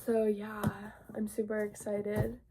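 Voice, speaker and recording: A teenage girl, sick with a cold and sniffling, chats casually as a book vlogger about her new books, bubbly and rambling with lots of fillers. Her voice is medium-pitched and completely flat in delivery, she speaks slowly, and background noise can be heard.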